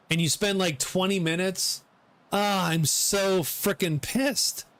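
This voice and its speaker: A middle-aged man giving live commentary on his gameplay, excitable, swearing and laughing often. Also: sits high, slow. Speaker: game streamer.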